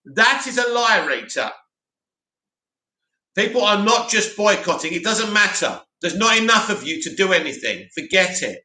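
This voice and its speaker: A man's voice: high-pitched, very animated, moderate pace, sharp tone, reverberant, rough recording. A man with a sore throat hosting a casual livestream, reading chat comments aloud and giving blunt opinions.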